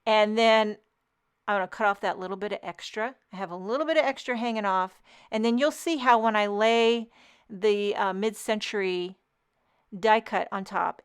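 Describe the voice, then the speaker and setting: A woman's voice: medium pitch, clear, resonant tone. A woman hosting her own card-making channel, chatting enthusiastically and explaining each step of a crafting tutorial as she works.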